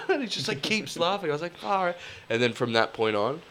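A man's voice: on the high side, quick pace. A man, co-hosting a podcast and telling rambling, sweary stories in casual chat. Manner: storytelling, swearing, animated impressions. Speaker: podcast co-host.

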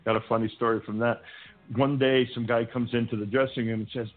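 A man's voice: mid-range voice, quick pace. An older man, a podcast guest, telling wild stories from his youth in a casual interview, stammering through restarts and acting out the people he quotes. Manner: animated storyteller, acts out quotes with shouting, stammering restarts. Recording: tinny phone-like line.

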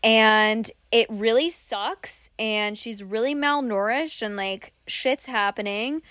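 A young woman co-hosting a casual book discussion podcast, animated and quick to laugh, acting out reactions as she talks. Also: fairly high pitch, no echo, clean studio sound. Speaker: podcast co-host.

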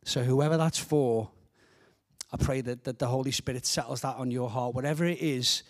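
A man's voice: medium pitch, moderate pace. A middle-aged man from England preaching a sermon as a guest speaker in a church, earnest and fervent, often repeating words as he builds a point.

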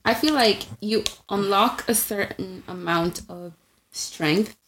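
A woman's voice: medium pitch, slow, fairly bright tone, slight background noise. A woman in a casual group chat speaking bluntly and candidly, with slangy phrasing.

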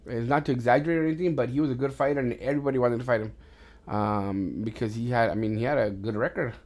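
A man in the middle range of pitch for his sex, telling stories to his son in a rambling, profane, casual way. He restarts his sentences often and grows loud and animated as the action builds. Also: fast talker. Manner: rambling, with many restarts and swearing. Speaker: podcast host talking with his son. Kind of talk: casual storytelling chat.

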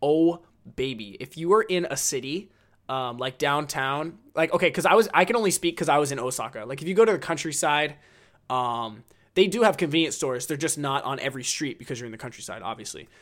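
A man's voice: fairly high pitch, animated, a little fast, a bit bright. A man hosting a casual solo podcast, rambling enthusiastically with lots of ums and likes. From United States. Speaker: podcast host.

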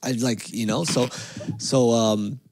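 A man, co-hosting a podcast and telling animated, profane stories in casual chat. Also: medium pitch, slow pace, dry recording. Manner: animated, swears a lot, acts out quotes. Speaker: podcast co-host.

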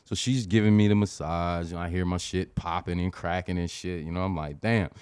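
A man's voice: deep voice, steady tone, a little fast, darkish tone, smooth, no room sound, clean studio sound. A married man telling a rambling, profane story in casual chat, acting out his own reactions as he goes. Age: adult, married.

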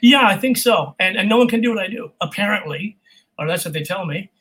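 A man from California, a voice actor, chatting as an interview guest in an animated, jokey way. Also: high voice, fairly quick, husky, poor audio. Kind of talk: casual interview chat.

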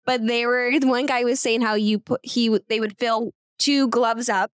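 A woman's voice: fairly high pitch, steady tone, normal speed, clean tone, dry recording, clean studio sound. Candid young woman in casual chat. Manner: candid, blunt. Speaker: podcast co-host.

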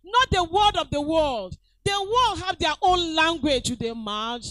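High, lively Nigerian woman preaching. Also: unhurried, no echo, rough recording. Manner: emphatic, repeats phrases and calls out to the congregation. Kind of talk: sermon.

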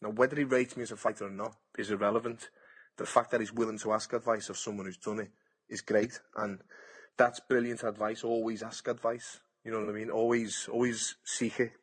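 A man's voice: on the low side, little pitch movement, a little fast, slightly rough. A man, a boxer talking bluntly and chattily in an interview, often repeating his words. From England. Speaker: boxer and TV pundit. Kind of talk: casual interview.

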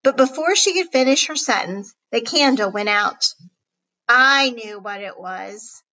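Woman narrator for a kids' chapter book, unhurried, bright tone. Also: high-pitched, expressive, rough recording. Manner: slow, clear storytelling delivery. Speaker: audiobook reader. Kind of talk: reading a children's chapter book aloud.

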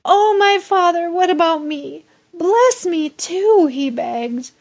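A woman's voice: fairly high pitch, flat delivery, extremely slow, gravelly, mellow, heavily acted. A woman reading the lines of a desperate grown son begging his father, in an emotional, pleading way.

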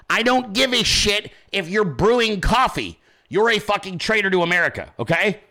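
A furious male commentator who hosts his own show and tears into his targets with profanity and sarcasm. His voice is high and cutting, and the delivery sounds forceful and tense. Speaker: host of a political commentary show. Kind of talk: profane political rant.

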